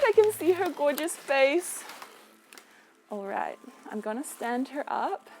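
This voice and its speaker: A young woman with a New Zealand accent, a doll artist unboxing a doll in an excited vlog, full of breathless delighted gasps. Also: on the high side, slight background noise. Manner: gushing, breathless exclamations of delight.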